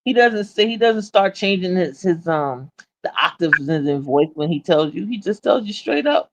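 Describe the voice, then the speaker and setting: A woman co-hosting a casual chat show, animated and laughing, often repeating herself and restarting her sentences. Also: fairly low pitch, normal speed, a crowd in the background. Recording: dull lo-fi sound.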